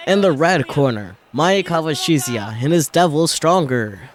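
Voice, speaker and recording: A man voicing an excitable male arena commentator in a game, announcing loudly over game music. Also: a little high, unhurried, pitched above the performer's own voice. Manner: loud hype announcing.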